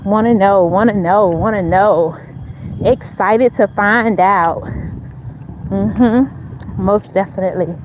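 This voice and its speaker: A woman with a medium-pitched voice speaks slowly and pauses often, while she walks along a neighborhood street hosting a casual live chat on a phone held in her hand. Addressing her viewers directly, she's upbeat and encouraging, repeating herself and urging them on. The recording has background noise and cut-off highs.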